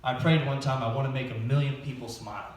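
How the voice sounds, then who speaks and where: Nervous stand-up comic in an echoey hall. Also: male voice, medium pitch, steady tone, fast, slight background noise. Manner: nervous, self-deprecating, rambling with fillers and laughs. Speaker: stand-up comedian. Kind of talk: stand-up comedy set. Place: church hall at an open mic night. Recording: echoey hall recorded from far off.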